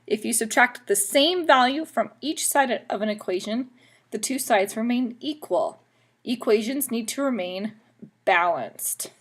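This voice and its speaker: A woman's voice: a little high, lively intonation, measured pace. A woman math teacher explaining equations step by step in a patient, instructive way. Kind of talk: classroom math lesson video.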